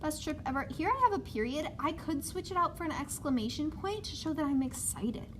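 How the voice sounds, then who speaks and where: A woman's voice: sits high, expressive, a little fast, fairly bright tone, a little hiss or hum. A young woman teaching a writing lesson step by step, often checking in with "okay?".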